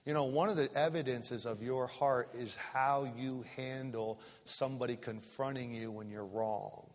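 A male pastor preaching with emphatic repetition, putting pointed questions to his congregation. His voice sits at a middle pitch and rings through a large hall. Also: fairly even intonation, moderate pace, few pauses. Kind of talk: sermon. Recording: reverberant church hall.

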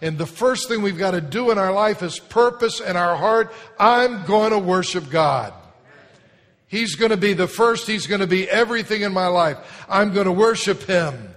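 A man with a notably high voice delivers an emphatic sermon from a church sanctuary. He leads the congregation to say phrases back to him. A long reverb trails each line through the hall. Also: animated, normal speed, fairly bright tone. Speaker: pastor.

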